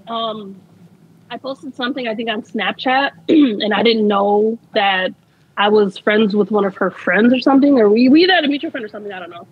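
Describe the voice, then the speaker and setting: Chatty young woman, husky voice. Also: fairly high pitch, moderate pace, lo-fi sound. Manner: chatty, laughs often, fillers like "like" and "I'm like". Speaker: interview guest. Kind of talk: casual storytelling interview.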